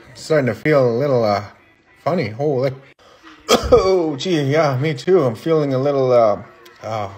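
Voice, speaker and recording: A man's voice: medium pitch, a little mellow, slightly rough. A man in a comedy skit, drawling and hesitant, with lots of exclamations.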